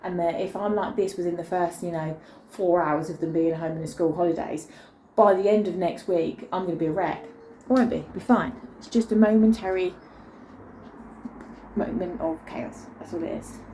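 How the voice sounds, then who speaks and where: A woman's voice: lowish voice, steady tone, normal speed, warm tone, slight background noise, poor audio. A young woman vlogging into her phone at home, frank and tired, chatting about her family. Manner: frank, weary, chatty with sudden sing-song baby talk to her children and dog. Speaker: parent vlogger. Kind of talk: casual vlog chat. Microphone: phone camera.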